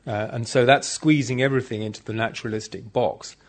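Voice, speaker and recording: A man's voice: mid-range voice, fairly even intonation, fairly quick. A man giving an informal, good-humored conference talk, chatting directly with the audience. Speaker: conference speaker.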